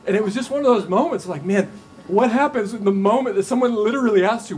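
A man preaching a sermon as a pastor, telling stories in a casual, animated way with frequent restarts. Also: high voice, quick pace, slight background noise, poor audio.

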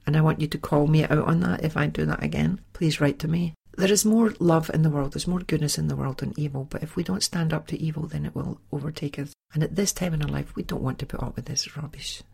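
A middle-aged woman hosting a podcast, telling a personal story in a chatty, animated way. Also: sits low, fast talker, creaky, hardly any pauses, breathy edge. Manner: chatty, animated, with sighs and laughs. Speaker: podcast host. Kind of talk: casual storytelling monologue.

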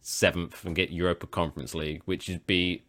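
A man from England co-hosting a podcast, calmly teasing and upbeat about his football team. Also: low-pitched, brisk. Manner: teasing, calmly optimistic, enjoys his friend's frustration. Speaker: podcast co-host. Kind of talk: casual podcast chat.

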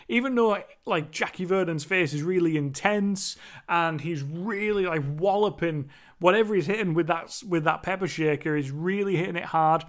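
A young man talks through a movie he watched, rambling and laughing as he goes. His voice sits high for a man. Now and then he acts out lines from the film. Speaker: movie reviewer. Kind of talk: casual spoken movie review.

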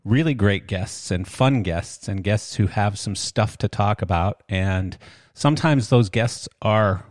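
A man's voice: lowish voice, unhurried, no room sound, studio quality. An older man hosting a podcast in a rambling, self-deprecating, chatty way. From Canada. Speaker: podcast host. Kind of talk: casual podcast chat.

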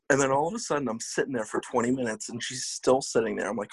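Husky young man telling a wild story. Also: mid-range voice, fairly quick, no room sound, rough recording. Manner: rambling, profane, laughing storytelling. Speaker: podcast host. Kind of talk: casual storytelling chat.

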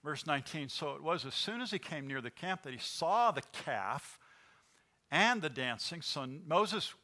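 Bright-voiced preaching pastor. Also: male voice, on the high side, normal speed. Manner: animated preaching with rhetorical questions. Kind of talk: sermon.

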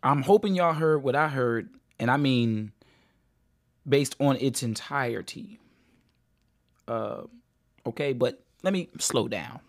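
Male host for casual commentary, mid-pitched, addresses viewers directly, repeats himself. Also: expressive, slow pace, long pauses, no echo, studio quality. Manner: talks straight to viewers, repeats words, restarts.

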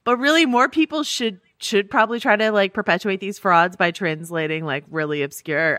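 A woman's voice: medium pitch, a little slow, dry recording, clean studio sound. Chatty woman podcast co-host. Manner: animated, chatty, laughs a lot while reading reviews. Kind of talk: casual podcast chat.

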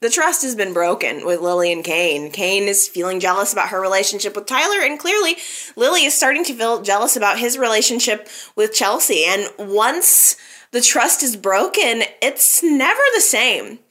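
Chatty woman host doing a casual recap, bouncy sing-song pitch, talks right to her listeners. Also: moderate pace. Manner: animated, talks straight to listeners. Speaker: soap opera recap podcast host.

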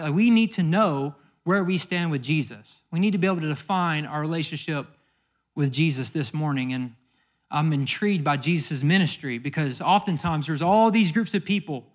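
A man preaching a sermon, telling stories in a loose, conversational way and acting out the people in them. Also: on the high side. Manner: conversational storytelling with acted quotes. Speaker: pastor.

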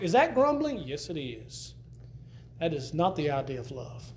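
Man preaching in church, high voice, folksy, emphatic, echo from the room. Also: expressive, moderate pace, pushed and bright. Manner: folksy and emphatic, repeats words while teaching. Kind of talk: sermon.

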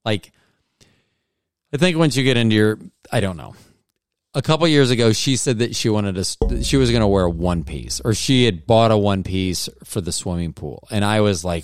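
A man's voice: on the low side, moderate pace, smooth, no room sound, studio quality. A man hosting a podcast, telling a casual comedic story in a rambling way, often breaking off and restarting his sentences. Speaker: podcast host.

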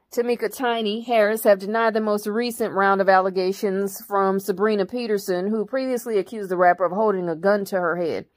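A woman hosting her own commentary channel, reading news articles aloud and breaking off into blunt, profane opinions. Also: medium pitch.

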